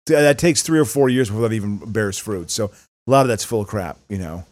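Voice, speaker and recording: A man's voice: on the low side, lively intonation, fast, no room sound. A man co-hosting a podcast in casual chat, often stammering and repeating his words. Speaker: podcast co-host.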